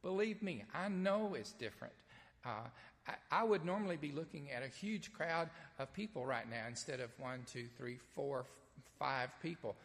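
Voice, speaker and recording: Earnest pastor in an echoing church. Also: male voice, mid-range voice, lively intonation, normal speed. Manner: conversational, earnest preaching with hesitant restarts. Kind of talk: sermon. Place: nearly empty church sanctuary. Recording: long church reverb.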